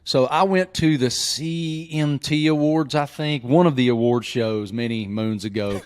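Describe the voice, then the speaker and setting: A man from southwest Virginia hosting a podcast, telling a hometown story in an animated, joking way. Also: medium pitch, unhurried, clear, resonant tone. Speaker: podcast host. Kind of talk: casual chat.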